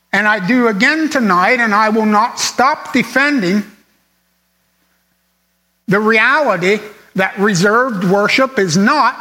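Male preacher, slow deliberate sermon delivery, bright tone, emphatic repetition. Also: high-pitched, poor audio. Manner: earnest, emphatic, repeats phrases for stress.

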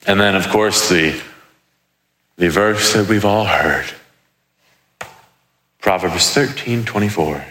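A man's voice: fairly low pitch, a little slow, long pauses, sharp tone, roomy sound, long reverb tail. A man in his twenties preaching casually, joking as he tells stories from his life as a father. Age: 20s. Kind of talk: sermon with personal stories.

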